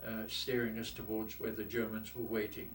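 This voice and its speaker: A man's voice: fairly low pitch, little pitch movement, fairly quick. Old London man, blunt war stories. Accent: London English. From London, England. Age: 80s. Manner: blunt, salty storyteller. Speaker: war veteran interviewee. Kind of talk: oral history storytelling. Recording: echoey room, distant mic, faint noise.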